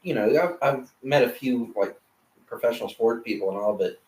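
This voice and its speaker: With a mid-range, darkish voice and a slightly fast delivery, a young man co-hosts a podcast in easygoing conversation, swearing freely and restarting his lines. There's slight background noise, echo in the room, and the mic is distant.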